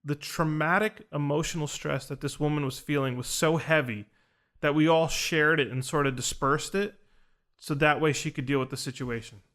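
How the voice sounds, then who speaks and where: A young man tells a story in casual conversation, his voice pitched somewhat high. He is earnest and rambling, with plenty of fillers and false starts. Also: fairly even intonation, normal speed, fairly bright tone. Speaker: podcast host recounting a ceremony.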